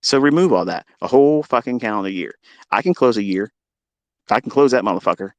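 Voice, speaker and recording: A man's voice: fairly low pitch, expressive, brisk, no room sound, highs cut off. A man hosting a live audio room as a trading mentor, ranting in a profane, confrontational and boastful way. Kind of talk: unscripted live audio rant.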